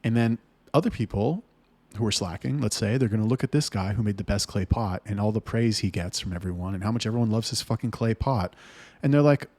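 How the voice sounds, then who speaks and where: A man's voice: lowish voice, lively intonation, quick pace, dark tone, no room sound. A man talking to camera about managing his sales staff, blunt and heated, swearing often. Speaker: business owner talking to camera. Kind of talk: casual rant to camera.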